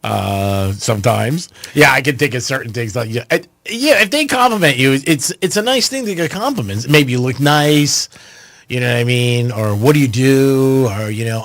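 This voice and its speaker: A man's voice: medium pitch, expressive, normal speed, vocal fry, a bit bright. A man co-hosting a radio show, reacting with exclamations and riffing in joking asides. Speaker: radio co-host. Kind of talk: casual radio banter.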